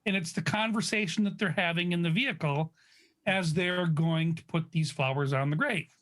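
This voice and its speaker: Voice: medium pitch, moderate pace, fairly bright tone. A host setting up improv scenes and giving the players new instructions. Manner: casual, directing the players. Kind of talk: announcing improv games.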